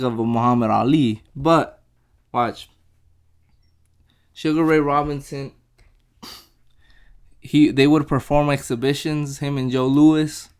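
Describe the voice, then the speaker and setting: A man's voice: medium pitch, clean tone. Rambling young man retelling a book. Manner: rambling, repeats himself, acts out quotes. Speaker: book reviewer. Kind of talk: casual book review retelling.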